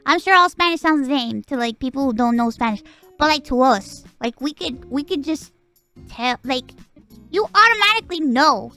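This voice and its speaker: A woman's voice: high voice, pushed and bright. A woman from Puerto Rico with a Puerto Rican accent, chatting casually as a streamer, rambling, swearing and laughing a lot. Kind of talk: casual chat.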